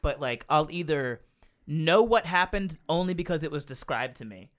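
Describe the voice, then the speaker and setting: A man's voice: fairly high pitch, expressive, a bit bright. Rambling man co-hosting a podcast. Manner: loose, rambling, quick to joke. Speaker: podcast co-host, comedian. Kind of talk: casual podcast chat.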